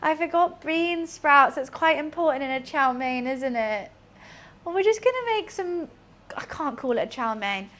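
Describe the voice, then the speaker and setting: A woman's voice: high voice, lively intonation, normal speed. A young woman chatting casually to herself while cooking on a livestream, swearing now and then. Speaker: streamer.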